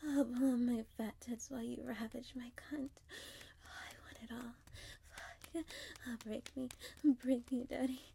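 Young woman breathy whispered role-play, high voice, slow drawn-out delivery. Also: fairly even intonation, warm tone, slight background noise. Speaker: audio role-play performer.

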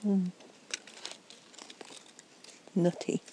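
A woman who's had a bit to drink whispers very slowly through a soft, meandering night-time ASMR chat, recorded outdoors near trees and a fountain on a portable recorder. The recording is low quality, with a little hiss or hum.

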